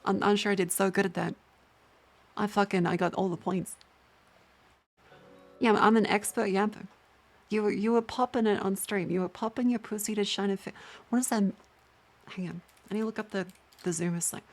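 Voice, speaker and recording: A woman's voice: medium pitch, steady tone, brisk, long pauses. Tired, joking Australian woman streamer. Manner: rambling, profane, self-mocking banter with chat. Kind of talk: casual livestream chat. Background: faint music.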